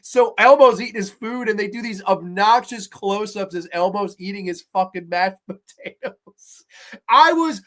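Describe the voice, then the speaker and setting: Excitable, high-voiced horror show host. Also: male voice, normal speed, few pauses. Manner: excitable, profane, laughing often; reads viewer comments aloud. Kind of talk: casual livestream review chat.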